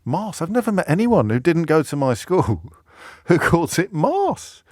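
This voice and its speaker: Rambling radio host, dry studio sound. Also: male voice, a little high, moderate pace, no echo. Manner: rambling, self-interrupting, animated storytelling. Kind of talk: talk radio monologue and call. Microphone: studio microphone.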